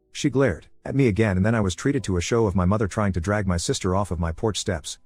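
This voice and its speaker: A man reads a first-person story at a rapid clip. His voice sits on the low side and sounds slightly husky, and his telling is blunt and salty. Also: darkish tone, no echo, faint music behind. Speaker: story narrator.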